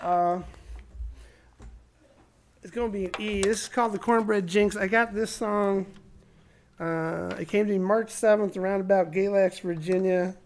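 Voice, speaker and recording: A man who sings and plays guitar, bantering loosely between songs on a live stage and trailing off into quiet, joking asides. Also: sits high, fairly even intonation, measured pace, pauses often, a little hiss or hum. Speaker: band singer and guitarist. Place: live stage at a barn music venue. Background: guitar strumming under the talk.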